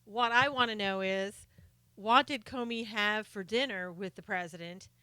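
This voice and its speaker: A woman's voice: mid-range voice, moderate pace, bright, forceful tone, clean tone, no echo. Sarcastic chatty woman live streamer. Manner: sarcastic, chatty, greets viewers by name. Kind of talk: casual political commentary live stream.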